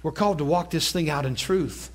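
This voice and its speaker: A man's voice: fairly high pitch, fairly quick. A man preaching a sermon, telling a story from his ministry and repeating key phrases for emphasis. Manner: talks straight to the audience with calls like "come on".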